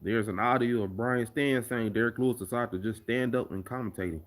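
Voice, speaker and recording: A man with a medium-pitched voice talks a little fast as he hosts a loose live stream, reading comments, discussing fights and his remixes, and restarting his sentences often in a rambling, conversational way.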